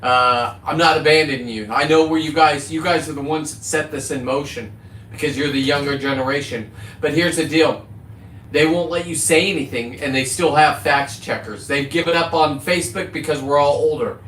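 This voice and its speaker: Brash middle-aged male streamer, swearing and rambling, voice pitched a bit high, recorded in a reverberant space. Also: moderate pace, a bit bright, slight background noise. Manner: profane, boisterous, jumps between topics. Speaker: livestreaming content creator. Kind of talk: rambling casual livestream.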